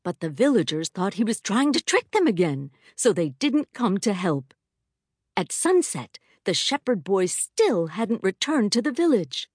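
A woman playing a school librarian who reads a fable aloud to children with expressive, dramatic storytelling. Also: mid-range voice, measured pace, slightly rough, no echo, studio quality.

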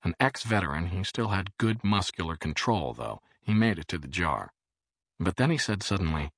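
Audiobook narrator, man, very low gravelly voice, dry close sound. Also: no room sound. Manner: measured, expressive reading.

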